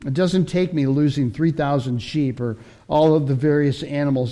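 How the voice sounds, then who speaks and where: Walking through the Bible in a sermon, a man teaches conversationally and often stops to correct himself partway through a sentence. His dark-toned voice is fairly high, moving at a normal speed with few pauses.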